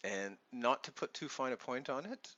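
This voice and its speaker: A man's voice: mid-range voice, animated, moderate pace, sharp tone, dull audio. A man with a Canadian accent who teaches English online, giving earnest, reassuring advice to new teachers in a vlog. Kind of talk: advice vlog talking to camera.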